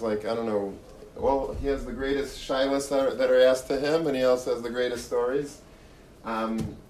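A man's voice: medium pitch, a little mellow. A man delivers an earnest Torah talk, circling back over his phrases as he tells a story. He sounds set back from the microphone in a roomy, echoing space. Faint background noise sits under his voice. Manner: earnest, repeats and restarts phrases. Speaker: Torah lecturer. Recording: echoey room, mic far off, faint noise.

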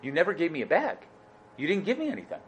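A man voicing an evasive wealthy man who speaks low, quiet and dismissive. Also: very animated, fast talker, slight background noise, rough recording.

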